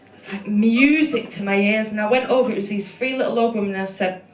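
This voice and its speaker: Speaking fast in a mid-range voice with fairly even intonation, a young stand-up comic from Manchester, England, tells stories on stage at a comedy club. Her set is chatty, self-deprecating and filled with fillers, recorded in an echoey venue as the crowd laughs.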